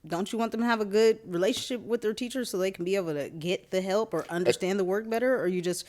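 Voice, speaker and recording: A woman's voice: mid-range voice, fast, a little mellow. A woman co-hosting a podcast in casual debate, persistent and probing with her questions. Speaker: podcast co-host.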